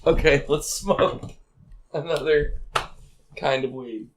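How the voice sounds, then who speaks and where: A man from Arkansas with a Southern accent, co-hosting a casual podcast chat, animated and laughing often. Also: fairly high pitch, takes it slowly. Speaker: podcast co-host.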